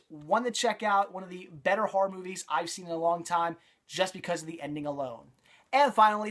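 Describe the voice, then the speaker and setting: A man's voice: high-pitched, a bit bright. Enthusiastic rambling male movie reviewer. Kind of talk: casual video review.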